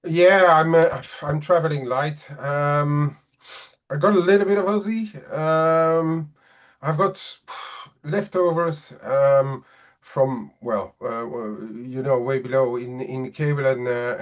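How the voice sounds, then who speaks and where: A man who is a trader on a live webinar call, talking casually and hesitantly about his positions with many pauses. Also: fairly high pitch, fairly even intonation. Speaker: trader guest. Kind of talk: live market webinar chat. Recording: dull lo-fi call audio.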